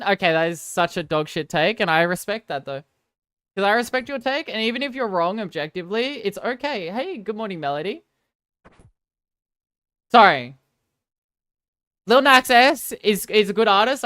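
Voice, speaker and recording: A woman's voice: medium pitch, animated, moderate pace, long pauses, a bit bright, dry recording, studio quality. Rambling self-deprecating woman streamer. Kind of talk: casual live-stream chat with viewers.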